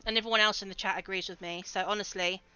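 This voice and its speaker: Giggly bright-voiced woman streamer. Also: mid-range voice, steady tone, quick pace, smooth, no echo, dull audio, soft background music. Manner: giggly, chatty, talks to chat. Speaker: game streamer. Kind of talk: casual livestream commentary.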